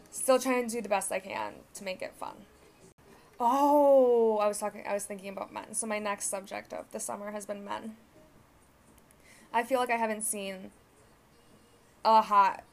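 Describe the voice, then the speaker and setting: Chatty young woman rambling solo. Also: mid-range voice. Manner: rambling and chatty, lots of "like", swears freely; self-correcting, conversational storytelling. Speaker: podcast host. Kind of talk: casual solo chat.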